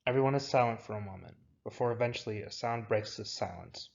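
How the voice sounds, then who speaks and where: A man's voice: fairly low pitch, fast, vocal fry. Young man, script reading, stage directions, plain delivery, muffled lo-fi sound. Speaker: narrator reading his own script.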